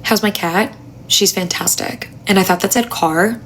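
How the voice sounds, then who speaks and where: A young woman chatting on a phone livestream at home, talking quietly with a raspy, gravelly voice, blunt and chatty. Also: medium pitch, normal speed, a little hiss or hum, rough recording. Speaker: livestreamer answering chat. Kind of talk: casual live stream chat. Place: home apartment at night.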